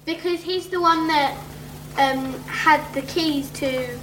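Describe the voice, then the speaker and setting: A woman's voice: high-pitched, slow pace. Hesitant English schoolgirl, noisy hum. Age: child. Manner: hesitant, restarts, explains at length. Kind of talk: casual chat.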